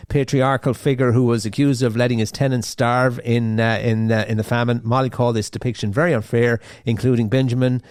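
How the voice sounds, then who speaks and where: A man's voice: medium pitch, little pitch movement, fairly quick, hardly any pauses, a little mellow, smooth, dry recording, clean studio sound. Rambling male radio host. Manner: rambling, many fillers and restarts. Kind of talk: casual news chat on radio. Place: radio studio.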